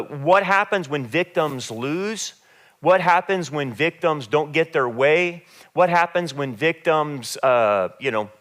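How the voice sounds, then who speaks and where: A man's voice: mid-range voice, fairly bright tone. A man preaching a sermon as pastor, emphatic and repeating phrases for stress.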